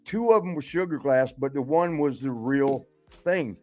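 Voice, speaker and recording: A man's voice: mid-range voice, normal speed, darkish tone, soft background music. An older man, a retired wrestler, telling rambling stories on a podcast, laughing often and swearing. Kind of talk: casual storytelling.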